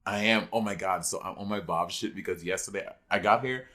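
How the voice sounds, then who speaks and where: Low-voiced man telling stories on a podcast. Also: a little fast. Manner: storytelling, animated, swearing. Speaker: podcast co-host. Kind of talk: casual chat.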